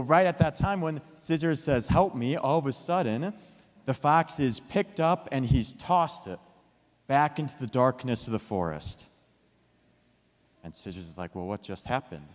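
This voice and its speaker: A man telling a children's story with a lesson, lively and asking his listeners questions. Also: on the low side. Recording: long hall reverb.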